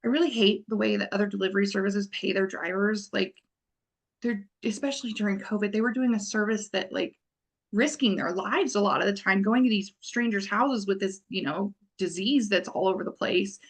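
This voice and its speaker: A woman's voice: mid-range voice, fairly quick. Woman, business owner guest, rambling and wordy, casual podcast chat. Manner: wordy, rambling, many fillers.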